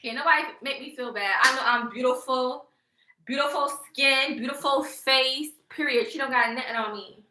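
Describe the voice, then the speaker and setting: On a laid-back livestream, a young woman vlogger goes on a sassy, mocking rant, frequently laughing. Her bright, sharp, high voice moves at a moderate pace, with an echoey room and slight background noise behind her.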